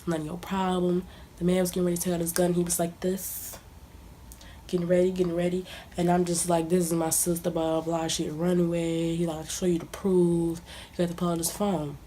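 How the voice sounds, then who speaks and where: A young woman recounts a personal story in a relaxed, conversational vlog style, now and then sinking into a near-whisper. Her voice is mellow and sits a little low, with a faint hiss under the recording. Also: brisk. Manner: casual, conversational, drops to near-whispers at times. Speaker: vlogger. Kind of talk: storytime monologue.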